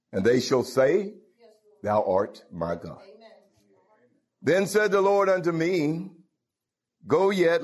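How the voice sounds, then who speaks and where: A man preaching a folksy call-and-response sermon, laughing and calling out hallelujahs. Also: fairly high pitch.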